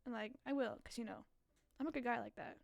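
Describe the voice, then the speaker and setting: A woman's voice: on the high side, fairly even intonation, fast talker, vocal fry, dry recording, studio quality. A young adult woman streaming, chatting casually with her chat, giggly and rambling with lots of fillers.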